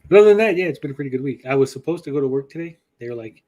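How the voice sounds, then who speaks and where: A man hosting a podcast in casual chat, swearing freely and talking with pauses. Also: mid-range voice. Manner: chatty, swears often, lively swings in loudness; speaks with pauses. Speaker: podcast host and YouTuber.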